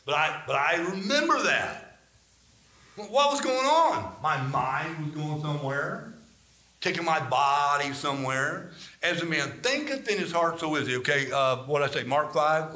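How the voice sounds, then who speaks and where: A man teaching a Bible study, telling stories and acting out scripture in a rambling, animated way. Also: mid-range voice, echoey room.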